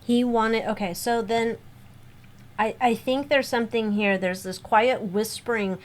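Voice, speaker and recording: A woman's voice: fairly high pitch, steady tone, unhurried. A woman giving a casual spoken tarot reading, rambling with lots of fillers and restarts. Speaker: tarot reader.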